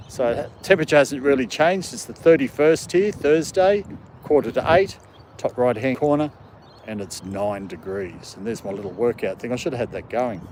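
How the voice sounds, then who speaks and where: A man with an Australian British accent, rambling easily and chuckling as he hosts a live stream. He speaks at a middling pitch into his phone outdoors in a park, with faint noise and passing traffic behind him. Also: darkish tone. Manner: rambling and chuckling, talking to chat and dogs. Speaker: live-stream host walking his dogs. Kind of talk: casual live-stream chat.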